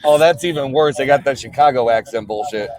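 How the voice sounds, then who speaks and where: A man's voice: mid-range voice, fairly quick, a little mellow, dry recording. A hungover man calling in to a podcast from the back of a car, cocky and teasing in his trash talk. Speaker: guest wrestler calling in. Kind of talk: casual podcast chat.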